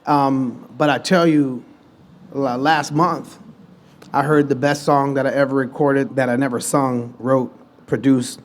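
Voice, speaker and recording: A man guest on a live podcast stage, telling stories in a loose, animated way and acting out the people he quotes. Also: medium pitch, a little slow. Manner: animated storytelling, acts out quoted dialogue; loose, restarts mid-sentence. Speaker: guest musician and producer.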